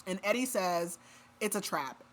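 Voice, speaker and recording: A woman recaps a book plot on a podcast, chatting casually and filling her retelling with "like." Her medium-pitched voice is animated but a little slow, and there's slight background noise.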